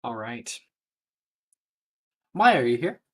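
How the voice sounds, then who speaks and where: A man narrating a tabletop game as game master, unhurried and pausing often with fillers. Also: mid-range voice, big pitch swings, a bit bright. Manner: unhurried, with many filler pauses.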